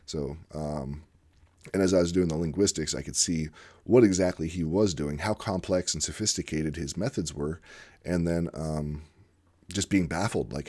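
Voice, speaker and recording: Deep-voiced man rambling with enthusiasm. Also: moderate pace, a little mellow, breathy edge. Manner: rambling and enthusiastic, with frequent fillers. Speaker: channel host discussing language teaching; former literacy teacher. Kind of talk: casual unscripted monologue.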